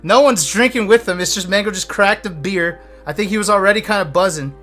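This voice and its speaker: High, bright-voiced man telling stories. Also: faint music behind. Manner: animated, acts out friends' lines in quick bursts. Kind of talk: casual storytelling.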